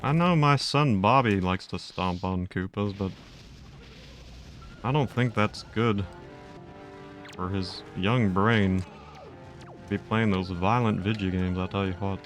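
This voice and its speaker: A man's voice: low-pitched, a little slow, pauses often, soft background music. A man doing a folksy drawling of a stern middle-aged dad, curt and disapproving.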